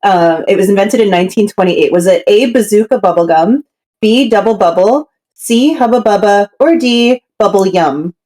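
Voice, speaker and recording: A woman from Canada, chatty and quick to laugh, reading out trivia quiz questions. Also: mid-range voice, mellow. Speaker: quiz host. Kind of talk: casual chat.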